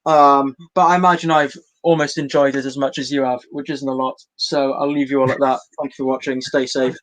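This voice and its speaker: A man's voice: mid-range voice, flat delivery, a little fast, rough recording. A young man doing a meandering, self-deprecating stand-up set at home for an online showcase, full of fillers and restarts. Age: young adult. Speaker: stand-up comedian.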